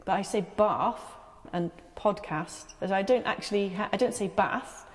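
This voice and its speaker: A woman's voice: mid-range voice, rapid-fire, long reverb tail. A woman podcast host from Worcestershire with an English accent mixing regional and received pronunciation, chatting thoughtfully and sharing her own experience. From Worcestershire, England. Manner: thoughtful, chatty, with fillers and warm agreement. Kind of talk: casual interview chat.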